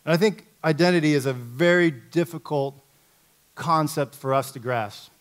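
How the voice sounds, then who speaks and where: Man telling a lively story at church. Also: fairly high pitch, normal speed. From Indiana, USA. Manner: conversational and lively storytelling, self-mocking. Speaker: coach giving a talk. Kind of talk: storytelling talk at a church session.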